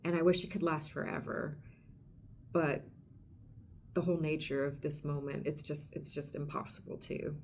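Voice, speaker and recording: A woman's voice: sits low, fairly even intonation, moderate pace, long pauses, a little mellow, slight background noise. A woman hosting a podcast in a casual book discussion. She gushes with emotion, laughs often, and trails off into restarts. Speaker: podcast host.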